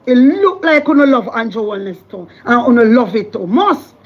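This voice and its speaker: High-pitched Jamaican woman ranting. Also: big pitch swings, normal speed, dull audio. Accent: Jamaican Patois. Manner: impassioned, scolding, repetitive. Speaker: political commentary vlogger. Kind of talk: fiery political rant.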